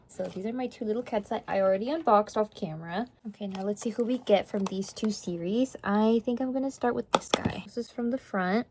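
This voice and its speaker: A young woman chatting casually in an unboxing vlog, gasping and gushing excitedly. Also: medium pitch. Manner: gushing, gasping, excited over cute toys. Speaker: vlogger.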